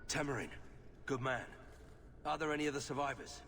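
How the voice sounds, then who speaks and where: A man's voice: medium pitch, animated, brisk, fairly bright tone, a little hiss or hum. An actor playing an earnest, formal male expedition leader in a video game. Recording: game audio with long reverb.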